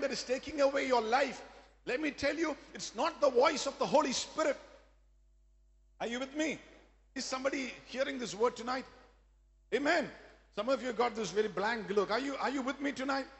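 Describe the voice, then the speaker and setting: Man, very high voice, emphatic sermon, long echoing hall reverb. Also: moderate pace, fairly bright tone. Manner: emphatic preaching with call-and-response asides. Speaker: pastor.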